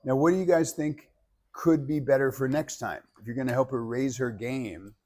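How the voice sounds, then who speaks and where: A man's voice: mid-range voice, normal speed. Man coaching a speaking workshop. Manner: animated, demonstrates techniques. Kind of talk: workshop feedback.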